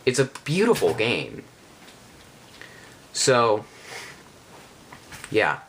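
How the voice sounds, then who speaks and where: A man giving a casual spoken game review, rambling and halting with many restarts. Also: lowish voice, wildly swooping pitch, a bit bright, slight background noise.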